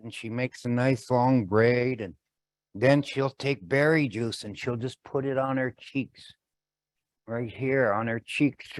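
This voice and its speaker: A man's voice: mid-range voice, no echo, lightly acted. A man voicing a worried young boy in a spoken story, pleading and earnest.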